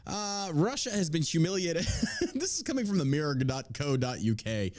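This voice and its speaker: On this crude comedy podcast, the male host swears a lot, ridicules the news, and drops into goofy fake accents for laughs. His voice sits on the high side with a sing-song, somewhat dark quality, delivered at normal speed.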